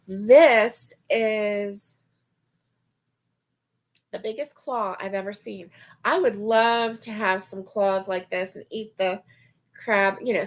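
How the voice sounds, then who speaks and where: A middle-aged woman hosting a casual crochet livestream, chatting warmly, laughing often and reading viewer comments aloud. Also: mid-range voice. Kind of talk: casual live-stream chat.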